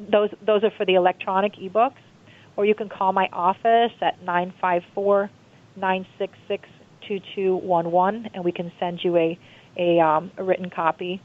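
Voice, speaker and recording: A woman author talking as a guest in a phone-in interview, telling stories with lots of fillers and repetition. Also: mid-range voice. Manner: animated storyteller, repeats herself, many fillers. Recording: tinny phone line.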